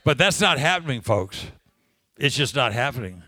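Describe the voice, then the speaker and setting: A man's voice: medium pitch, big pitch swings, moderate pace, bright, forceful tone, dry recording. A man preaching a sermon, telling a personal story in a conversational way, laughing often and asking the congregation questions.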